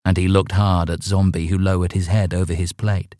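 A man narrating an audiobook in a dry, deadpan comic reading. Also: low voice, brisk, hardly any pauses, no echo. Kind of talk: scripted narration.

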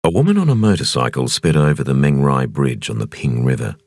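A man reading a thriller audiobook in a measured, expressive narration. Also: a bass voice, no echo. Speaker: audiobook reader.

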